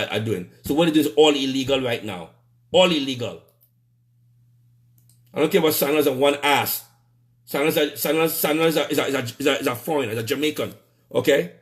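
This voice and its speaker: A man with a Trinidadian accent ranting on a live stream, heated and repetitive, stumbling over restarts and cursing. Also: medium pitch. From Trinidad and Tobago. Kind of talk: angry live-stream rant.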